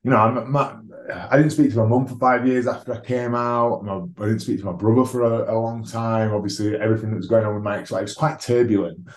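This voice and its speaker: A man's voice: mid-range voice, fairly even intonation, fast, few pauses. A man, a rugby league player telling his own story as a podcast guest, frank and self-deprecating, swearing freely. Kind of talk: candid conversational storytelling. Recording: roomy echo.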